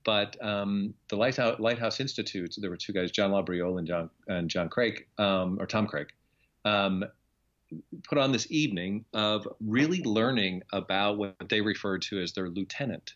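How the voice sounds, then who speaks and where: A man's voice: on the low side, normal speed, a bit bright, lo-fi sound. A middle-aged man from Iowa, a guest sharing his story in an earnest, reflective way in a casual interview. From Iowa, USA. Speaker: guest, television journalist.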